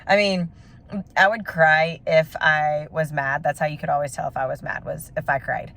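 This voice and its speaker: A woman's voice: low voice, steady tone, normal speed, vocal fry, a bit bright. A young woman vlogging a personal update, teary and gushing, laughing through tears as she talks, sitting outside in front of a house being built. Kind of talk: emotional casual vlog update. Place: sitting outdoors in front of a house under construction.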